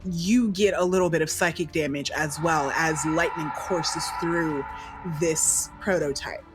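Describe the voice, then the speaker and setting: A woman running a tabletop game as dungeon master, narrating slowly in a casual, descriptive way. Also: low voice, steady tone, loud music behind the voice. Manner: slow, descriptive, casual swearing.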